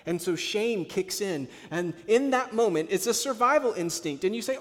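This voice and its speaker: Pastor preaching in a reverberant hall. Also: male voice, high-pitched, animated, normal speed, hardly any pauses. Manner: storytelling, swings from hushed to emphatic. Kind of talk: sermon.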